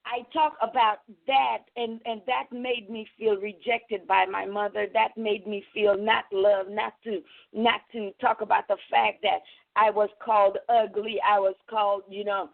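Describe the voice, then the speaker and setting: A woman's voice: mid-range voice, steady tone, unhurried, vocal fry. A woman from the Caribbean, an author guest on a radio interview, telling her story in an earnest, impassioned way over a phone line.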